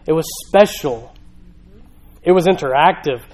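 A man's voice: fairly high pitch, animated, unhurried, darkish tone, poor audio. A male pastor preaching a sermon in a church, talking conversationally with rhetorical questions and emphatic repetition.

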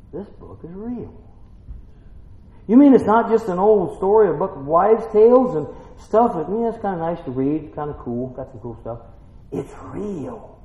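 Excitable preacher in an echoey hall. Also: male voice, sits high, highs cut off. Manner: swings from quiet reading to shouted excitement; calls out to the congregation with questions. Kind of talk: sermon.

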